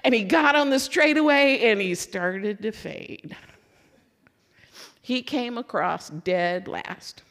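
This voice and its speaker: A woman from Louisville giving a sermon as a lively personal story, acting out her own excitement and letdown. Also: fairly high pitch, slow pace. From Louisville, Kentucky. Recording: long hall reverb.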